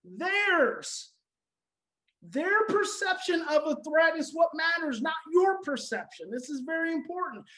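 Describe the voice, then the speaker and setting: A woman giving an emphatic, repetitive motivational talk to parents, swinging between loud stresses and soft, quiet passages. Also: very high-pitched, big pitch swings, measured pace, poor audio. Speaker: parenting educator.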